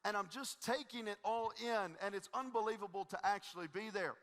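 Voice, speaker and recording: Lively high-voiced pastor. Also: male voice, brisk, big-room sound. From Tennessee. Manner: energetic, joking, folksy. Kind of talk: sermon with humorous storytelling. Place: church stage before a congregation.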